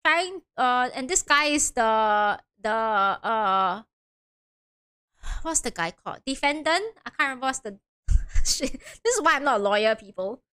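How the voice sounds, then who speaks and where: A woman's voice: a little high, animated, unhurried, pushed and bright, clean tone. A young woman streaming a game, chatting casually, giggly and apologetic, often trailing off and repeating herself.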